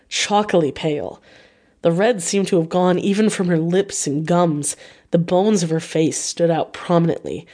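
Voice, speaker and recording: A woman reading a classic novel aloud as an audiobook reader, in a steady, measured voice. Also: low voice.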